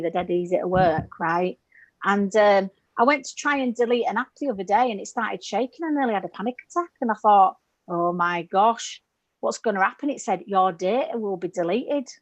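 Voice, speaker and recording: A UK stand-up comedian in her forties performs a set over a video call, her fairly high voice a bit bright and the recording rough. She's chatty and self-mocking, laughing at her own jokes.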